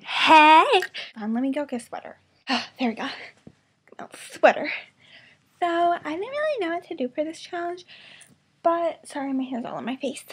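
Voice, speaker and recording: A woman's voice: sits high, sing-song, normal speed, pauses often, a bit bright. A woman talking casually to her webcam from her bedroom, rambling with lots of fillers and sometimes dropping to a whisper. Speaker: vlogger in a collab channel.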